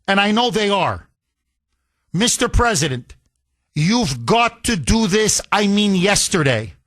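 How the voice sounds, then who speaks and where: Hosting a talk radio show, a man delivers a fiery, combative monologue built on repetition. His voice is high-pitched, pushed, and bright, and his manner is impassioned.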